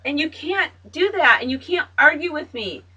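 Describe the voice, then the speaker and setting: High bright scolding mother, distant mic. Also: expressive, normal speed, highs cut off. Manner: scolding, swearing, lecturing. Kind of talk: heated family argument.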